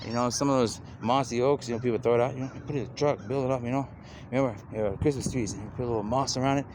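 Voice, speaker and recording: A man's voice: mid-range voice, fairly even intonation, rapid-fire, few pauses, a little mellow, slight background noise. A man talking in a loose, rambling monologue, repeating "you know" constantly and drifting from idea to idea.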